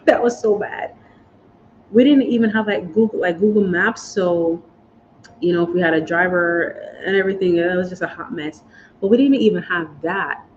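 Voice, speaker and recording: A woman's voice: lowish voice, moderate pace, a little mellow. A woman vlogger telling a personal story in a chatty, emotional way, choking up and speaking to her viewers as y'all. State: choked up with emotion. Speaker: vlogger sharing moving-abroad experiences. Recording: slightly dull, faint background hiss.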